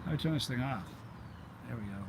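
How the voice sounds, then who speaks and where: A man's voice: mid-range voice, expressive, fast talker, very noisy. A middle-aged man hosting a casual vlog chat and telling a rambling story, with plenty of ums along the way. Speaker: vlog host. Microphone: handheld gimbal camera.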